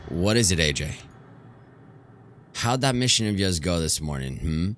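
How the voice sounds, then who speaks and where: A man voicing a sassy, teasing female combat medic who talks bossy and loud. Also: low-pitched, lively intonation, moderate pace.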